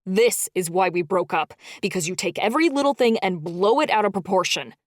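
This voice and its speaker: A woman doing a hot-tempered young man, loud and growling. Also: mid-range voice, expressive, a little fast, no echo, studio quality, lightly acted. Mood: angry. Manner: loud, raging rants.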